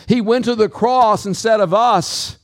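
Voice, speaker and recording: A man with a high voice preaches a sermon from the pulpit, calling out to his congregation. His delivery swings in pitch and pace, and his voice sounds dry and close. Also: measured pace, no room sound. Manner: preaching with call-outs to the congregation. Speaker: pastor.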